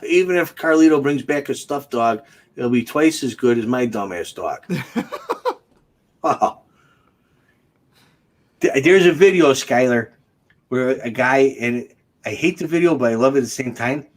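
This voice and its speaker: A man's voice: medium pitch, expressive, measured pace, long pauses. A man hosting a casual livestream chat, joking and chatty and laughing often. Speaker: host.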